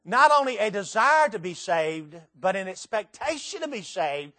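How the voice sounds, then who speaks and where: Older male preacher, high-pitched, emphatic sermon delivery, live church audience. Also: sing-song, moderate pace, pushed and bright. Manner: emphatic, dramatic swings in pitch and volume.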